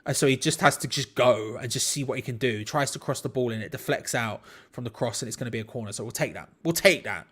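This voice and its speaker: Young male host, chatty rambling match watch-along commentary, mid-pitched. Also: fast, a bit bright, husky. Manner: chatty, rambling, self-deprecating. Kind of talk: casual live match commentary.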